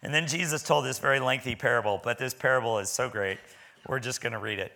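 A man's voice: mid-range voice, quick pace, gravelly, bright, forceful tone. A man preaching a sermon in a church, talking in a folksy, conversational way with stammering restarts.

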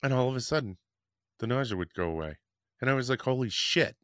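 A man's voice: mid-range voice, lively intonation, fast talker, smooth, no room sound, studio quality. A man hosting a podcast, telling a personal story in a frank, rambling way and swearing casually. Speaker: podcast host.

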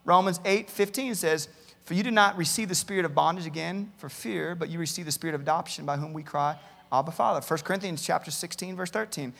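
A man's voice: on the high side, quick pace, gravelly, a bit bright, in a large hall. A male pastor preaching a sermon, earnestly reading out many Bible verses and often repeating words as he starts a thought. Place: church campus, large hall.

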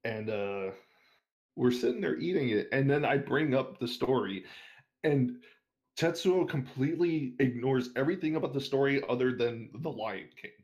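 A man's voice: mid-range voice, expressive, moderate pace, darkish tone, dull audio. Young man telling a rambling, profane story. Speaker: interview guest. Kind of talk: casual storytelling.

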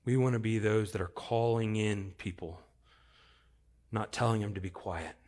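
A male pastor preaching a sermon, swinging from hushed to loud as he acts out the story. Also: on the low side, normal speed.

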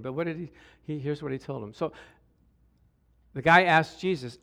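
Preacher, male, high-pitched, animated sermon delivery with comic voiced asides. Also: normal speed, pauses often. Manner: animated, acts out quoted voices with humor.

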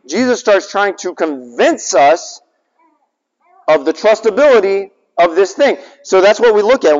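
A man preaching a sermon, telling family stories with voices and asking his listeners rhetorical questions. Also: high-pitched. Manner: animated storytelling, acting out family dialogue and rhetorical questions. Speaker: pastor. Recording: dull sound in a reverberant hall.

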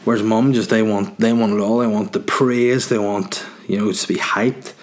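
A man's voice: on the low side, steady tone, normal speed. A man with a Northern Irish accent delivering a rambling comic monologue as a podcast host. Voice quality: rambling, tangent-prone delivery.

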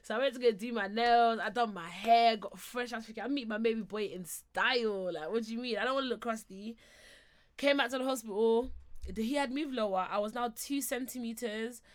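A woman's voice: a little high, fairly quick. A young woman, co-hosting a podcast and animatedly telling a personal story, acting out what people said and laughing often. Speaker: podcast co-host.

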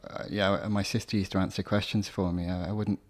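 A young adult man, a poet, answering interview questions in a soft-spoken, hesitant way with frequent restarts. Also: sits low, little pitch movement, fast talker. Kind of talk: reflective conversational interview.

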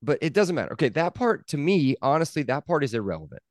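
A man's voice: fairly high pitch, very animated, fast, no room sound. Emphatic man in a dry room. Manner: emphatic, repeats himself, argues points. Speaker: podcast co-host. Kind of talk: casual sports chat.

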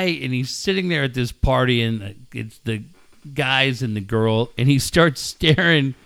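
Animated, bright-voiced man telling stories. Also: mid-range voice, no echo, studio quality. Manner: excitable storyteller, mimics yelling, swears freely. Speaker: radio co-host. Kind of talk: casual sports radio banter.

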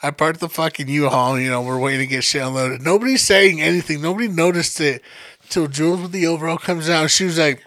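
A man's voice: fairly high pitch, fast talker, fairly bright tone, no room sound. A young man telling a story in a casual chat, profane and laughing as he goes.

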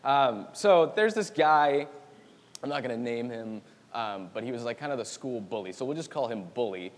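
A young man preaching a sermon as pastor, telling a story with animated energy and frequent laughter. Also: medium pitch, normal speed, a little hiss or hum. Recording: long reverb of a large hall.

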